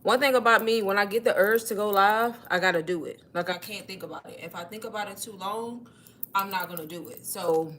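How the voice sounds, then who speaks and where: A woman's voice: mid-range voice, a little fast, a bit bright. A young woman hosting a casual livestream, chatty and a little out of breath, calling her viewers y'all. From Texas. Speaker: livestream host.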